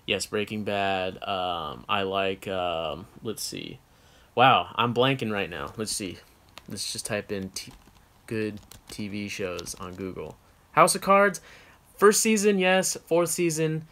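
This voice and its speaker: A man's voice: lowish voice, expressive, slow, fairly bright tone. Rambling American man answering viewer questions. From United States. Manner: rambling, frank, with many fillers and self-corrections. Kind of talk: casual chat.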